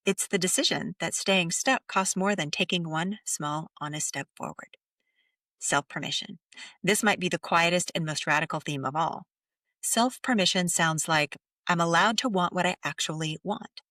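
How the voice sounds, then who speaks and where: A middle-aged woman hosting a podcast, speaking softly and slowly as she leads a gentle guided reflection, sometimes near a whisper. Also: on the low side, no room sound, clean studio sound, distant mic. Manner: soft, slow and soothing, drops to near whispers. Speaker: podcast host.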